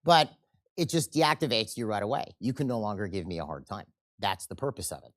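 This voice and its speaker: A man teaching a seminar, animated and often checking in with the audience, and acting out quoted people in changing voices. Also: on the low side, brisk. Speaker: seminar instructor. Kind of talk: live seminar lecture.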